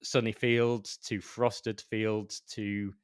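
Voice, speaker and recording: A man's voice: on the low side, flat delivery, drawn-out words, smooth, dry recording, clean studio sound. A man co-hosting a podcast, chatting enthusiastically as he tells a travel story, with many "you know" fillers. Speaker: podcast co-host. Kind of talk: casual chat.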